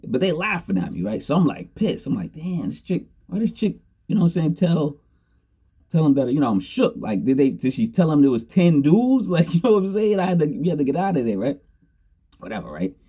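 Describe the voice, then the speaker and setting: A man's voice: a little high, sing-song, brisk, warm tone, breathy edge. A middle-aged man casually telling a story from his younger days, laid-back and slangy, laughing often. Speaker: storyteller host.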